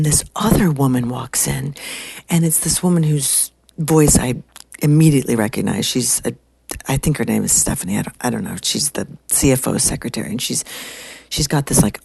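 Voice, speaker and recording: Brief: hushed CEO in a bathroom stall, low gravelly woman, whispered role-play. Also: poor audio. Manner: hushed, breathless gossiping. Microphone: phone. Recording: dry phone recording.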